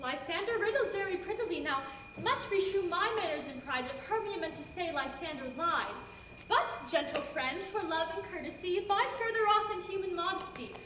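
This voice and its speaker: A modest, gentle young woman in love, played by a young woman coaxes in verse. Her voice is very high and bright, with long hall reverb, distant and lightly noisy. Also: normal speed. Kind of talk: stage acting of verse. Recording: echoey hall from far off, with noise.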